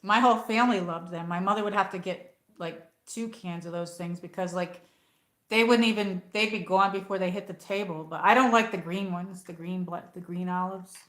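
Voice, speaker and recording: In an echoey room, a middle-aged American livestream host chats and rambles at a moderate pace, reading comments from viewers aloud. Her voice is lower-pitched yet fairly bright.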